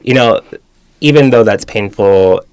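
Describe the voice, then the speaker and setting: A young man, a stand-up comedian from California, talking as a guest in a casual interview, quick and animated with frequent restarts. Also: on the low side, clear, resonant tone, no echo. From Bakersfield, California. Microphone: studio mic.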